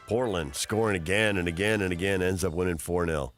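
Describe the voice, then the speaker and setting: A man with a fairly low voice hosts a sports talk radio show. He talks about the games with energy and reads the headlines. Faint music plays behind him. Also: a little fast.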